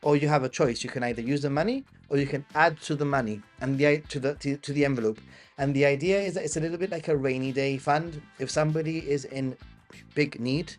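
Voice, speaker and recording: A man's voice: fairly high pitch, fast. Chatty Gibraltarian man, faint music behind. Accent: Gibraltarian English. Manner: chatty, reads viewer questions and answers them off the cuff. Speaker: travel channel host. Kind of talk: live-stream Q&A.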